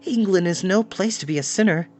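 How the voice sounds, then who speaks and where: A man's voice: sits high, pitched above the performer's own voice, natural voice. Ralph, a man doing a panicked, breathless boy. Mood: fearful. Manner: breathless, rushed and fearful.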